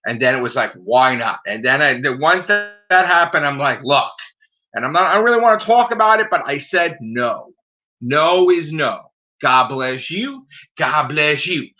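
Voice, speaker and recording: A man ranting angrily on his own live stream, swearing nonstop and tagging "okay?" onto his points. His voice sits a little high for a man. The audio is dull and lo-fi, like a cheap stream. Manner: heated, swearing, repeats "okay?" often. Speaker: channel host. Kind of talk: angry live-stream rant.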